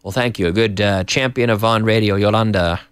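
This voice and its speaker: A man hosting a live English lesson from an office, explaining pronunciation in an animated, repetitive way and slipping in Spanish phrases. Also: on the low side, a little fast, smooth, no echo, studio quality. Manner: animated, repeats and restarts, slips in Spanish phrases. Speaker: English teacher and show host.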